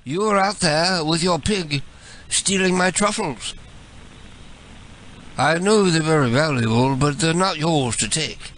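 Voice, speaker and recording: A man's voice: a little high, normal speed, few pauses, pushed and bright, slight background noise, rough recording. A man putting on a prim British caller. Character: posh male British caller, prim and insistent.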